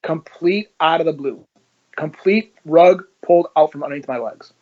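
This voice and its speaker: This is phone-quality audio of a man from Ohio, United States, who used to be a police officer. In an interview he tells his story at a moderate pace in a voice on the high side, animatedly voicing the dialogue as he goes.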